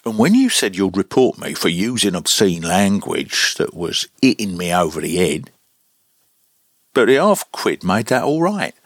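A man reading aloud as an elderly zookeeper, in a rough old-fashioned country dialect. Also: sits low, very animated, a little slow, no echo, studio quality, heavily acted. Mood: gruff, hearty.

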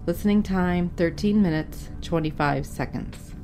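A woman's voice: lowish voice, measured pace, dark tone, soft background music. A woman announcing authors and story titles in a plain, businesslike way. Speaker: podcast announcer. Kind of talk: scripted introduction.

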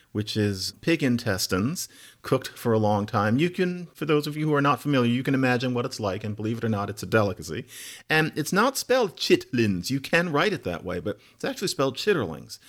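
In a medium-pitched voice, a man hosting a podcast delivers a conversational lecture about words. He muses aloud, tossing in quick asides and rhetorical questions.

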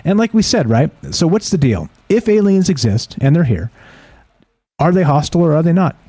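Man hosting a call-in show, rambling, lots of fillers, dark mellow voice, dry sound. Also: fairly high pitch, very animated, normal speed, no room sound. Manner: rambling, many filler words and restarts. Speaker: radio show host. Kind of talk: casual live call-in talk, reading stories aloud.

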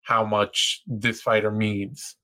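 Bright-voiced excitable podcast guy. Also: on the low side. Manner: excited, rambling, quick bursts. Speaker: podcast co-host. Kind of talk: casual podcast chat.

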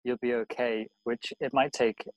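A man's voice: mid-range voice, little pitch movement, normal speed, dry recording, poor audio. A man from Middlesbrough chatting casually as a podcast guest, in a self-deprecating way. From Middlesbrough, England. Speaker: podcast guest, community reporter.

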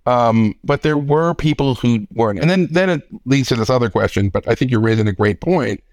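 A man from Philadelphia, a guest on a podcast panel, thinking out loud in an animated way and swearing freely. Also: mid-range voice, a little fast, dry recording. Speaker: guest commentator. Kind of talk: casual panel chat.

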